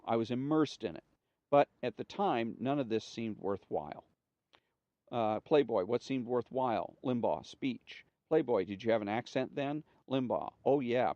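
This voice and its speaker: A man's voice: medium pitch, darkish tone, dry recording. A man reading a magazine interview aloud in a plain voice, announcing each speaker before their lines. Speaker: reader. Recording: dry, slightly dull home recording.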